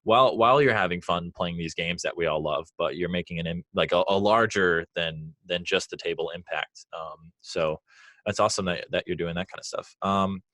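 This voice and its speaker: Very deep-voiced young male host. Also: normal speed, fairly bright tone, no room sound. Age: young adult. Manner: friendly, filler-heavy, laughs easily. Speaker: podcast host. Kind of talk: casual interview chat.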